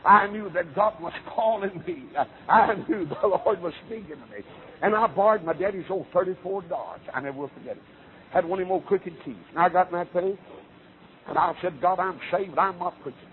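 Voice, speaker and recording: A man preaching a revival sermon, telling stories with many fillers and rising to fervent shouts. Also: high voice, brisk. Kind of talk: Southern revival sermon storytelling. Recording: tinny lo-fi phone-like sermon recording.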